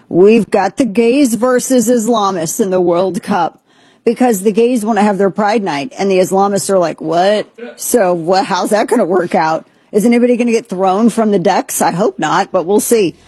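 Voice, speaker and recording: A woman hosting a talk radio show, reacting to a clip with incredulous jokes and quick asides. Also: medium pitch, dark tone, breathy edge, dry recording. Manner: incredulous, joking, rapid asides. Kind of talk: casual talk show banter.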